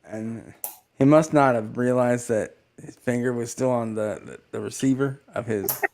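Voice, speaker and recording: A man's voice: mid-range voice, gravelly, a little mellow. Guy in casual chat, lots of uhs, clicky noisy audio. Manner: quick, hesitant, filler-heavy.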